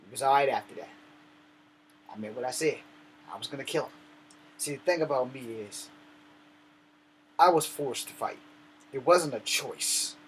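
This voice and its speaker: A man's voice: mid-range voice, normal speed, pauses often, a little hiss or hum, poor audio. A man telling a personal story in a blunt, profane, swaggering way. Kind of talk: casual spoken storytelling.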